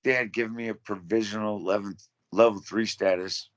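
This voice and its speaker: A man's voice: lowish voice, steady tone, brisk, dull audio. A man in his thirties telling his story as a podcast guest, blunt and full of swearing. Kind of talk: casual interview.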